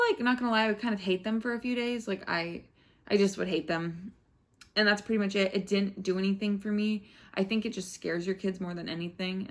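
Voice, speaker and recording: A young woman and new mother giving her views in a casual vlog, talking frankly with many filler words. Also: medium pitch. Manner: chatty, frank, lots of "like" fillers. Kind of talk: casual parenting chat.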